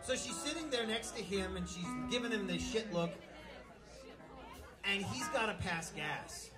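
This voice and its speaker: This stand-up comedian speaks in a high-pitched voice with lively intonation and a measured pace, loosely rambling through crude jokes. Music and crowd noise fill the background of the live recording from a small venue.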